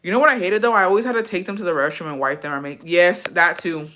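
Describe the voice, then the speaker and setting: Fast and steady in tone, this young vlogger's voice sits on the low side and sounds fairly bright. She's casually recounting something personal, profane and emotional, with moments of tears.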